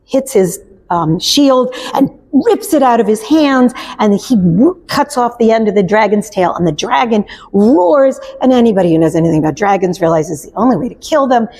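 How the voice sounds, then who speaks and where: A woman therapist and parent coach, a guest in an interview, telling a story with lively acted-out lines. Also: fairly high pitch, moderate pace, hardly any pauses, a little hiss or hum. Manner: animated storyteller acting out characters' lines. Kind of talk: storytelling in conversation.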